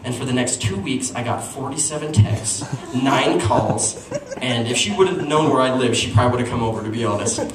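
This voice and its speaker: A man's voice: medium pitch, animated, a little fast. A young man doing a stand-up comedy routine, telling a self-deprecating dating story and acting out quotes with playful jumps in his voice. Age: young adult. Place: small venue with audience. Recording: echoey room, distant mic, audience noise.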